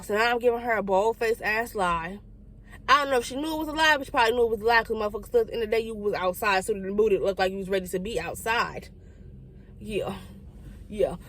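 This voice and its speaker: A young woman tells a storytime at a rapid clip. Her voice sits a little high, and she swears freely and jumps into the voices of the people in her story. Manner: fast, profane, animated storytelling with quoted voices. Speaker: vlogger. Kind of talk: casual storytime.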